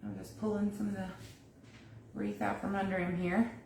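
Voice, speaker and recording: A woman's voice: mid-range voice, flat delivery, moderate pace, vocal fry, darkish tone. A woman hosting a casual live craft demo from her home kitchen, chatting to viewers and thinking aloud as she works. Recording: echoey room, mic at a distance, faint noise.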